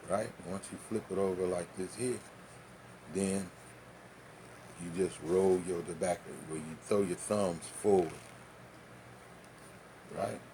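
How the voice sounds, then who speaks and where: A male vlogger with a low, dark voice tells a loose, profane story, laughing as he goes, while demonstrating how to roll tobacco. There's slight background noise.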